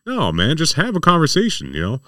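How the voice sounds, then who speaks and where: A man's voice: on the high side, a little fast, dry recording, clean studio sound, far from the mic. A man, a paramedic, telling work stories in casual talk and acting out what others said. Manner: animated, acts out other people's quotes. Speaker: paramedic guest. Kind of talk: casual storytelling in a podcast chat.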